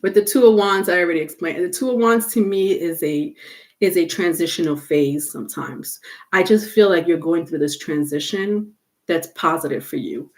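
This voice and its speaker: A woman's voice: on the low side, normal speed. Chatty, blunt tarot reader woman. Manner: chatty and blunt, curses freely, laughs often. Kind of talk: casual live-stream tarot reading.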